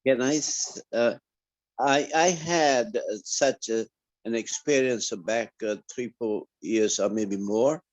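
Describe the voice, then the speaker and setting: A man in a class on a video call, telling a personal story in a halting way with restarts. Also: mid-range voice. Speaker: class participant.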